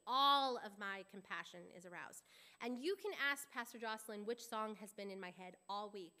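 A woman's voice: mid-range voice, normal speed, sharp tone. A woman pastor preaching a sermon, explaining scripture in an earnest, expository way and reading verses aloud.

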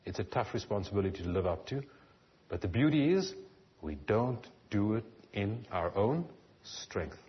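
A man with a fairly low voice preaches a sermon in an earnest tone. His phrases often trail off softly at the ends. The recording sounds dull and lo-fi. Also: big pitch swings, moderate pace. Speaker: pastor.

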